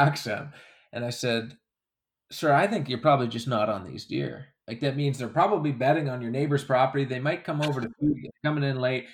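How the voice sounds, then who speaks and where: A man as an interview guest, talking in a casual, rambling way with frequent restarts. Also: mid-range voice. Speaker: interview guest, creator of a comedy hunting character.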